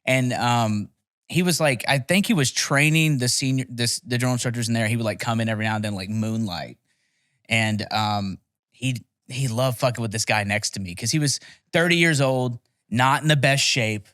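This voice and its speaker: A man's voice: mid-range voice, moderate pace, a bit bright, clean tone, no room sound, clean studio sound. A young man telling rambling, profane stories in a casual podcast chat. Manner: rambling, profane storytelling with laughs. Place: podcast studio.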